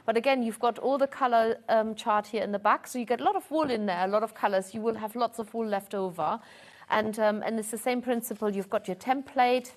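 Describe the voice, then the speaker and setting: A woman guest crafter on a live sewing show, explaining step by step in a relaxed way with frequent ums. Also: on the high side, brisk. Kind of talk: craft demonstration.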